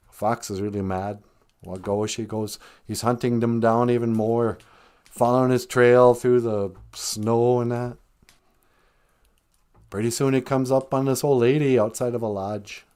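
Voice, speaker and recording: A man's voice: medium pitch, a little mellow. Chatty joking male storyteller. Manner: chatty, joking asides, laughs at own tale. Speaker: podcast storyteller. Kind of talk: casual storytelling.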